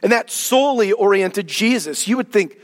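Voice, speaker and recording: A man pastor giving a sermon and prayer, animated preaching with casual asides. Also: sits high, moderate pace. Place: church sanctuary. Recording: long reverb of a hall.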